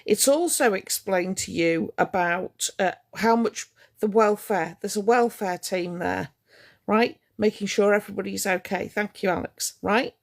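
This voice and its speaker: A woman's voice: mid-range voice, unhurried, creaky. A woman, ranting sarcastically to her livestream chat and greeting viewers as she goes. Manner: cross, sarcastic, blunt. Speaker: livestream host.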